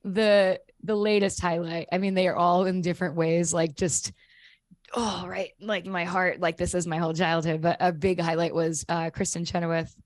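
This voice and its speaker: A woman's voice: lowish voice, flat delivery, normal speed, no room sound. Chatty woman singer, dry studio sound. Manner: chatty, laughs often, many fillers. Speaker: singer guest. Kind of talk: casual radio interview. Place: radio studio.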